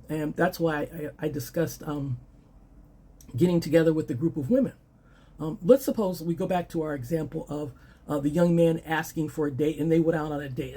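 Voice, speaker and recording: A woman's voice: low voice, darkish tone, breathy edge. A middle-aged woman giving dating advice in a casual monologue, often checking in with "okay?" and "all right?" and brushing things off with "blah, blah.". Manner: dismissive "blah, blah" asides.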